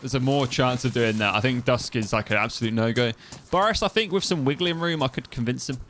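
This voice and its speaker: Young man, East Midlands accent, rambling game-stream talk, mid-pitched voice, faint clicking noise behind. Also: fairly quick, fairly bright tone. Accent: East Midlands English. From East Midlands, England. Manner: chatty, rambling, trails off and restarts. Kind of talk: casual gameplay commentary.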